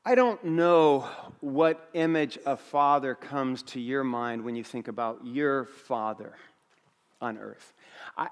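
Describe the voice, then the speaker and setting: A middle-aged man preaching a sermon as a pastor, telling a story with humor and lively restarts. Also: mid-range voice. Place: large church auditorium. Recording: long reverb of a church hall.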